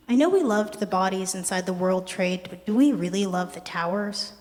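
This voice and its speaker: A young adult poet giving a poetry reading with a wry, conversational, deadpan delivery. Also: medium pitch, normal speed, hardly any pauses. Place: art gallery performance space. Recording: long reverb of a gallery hall.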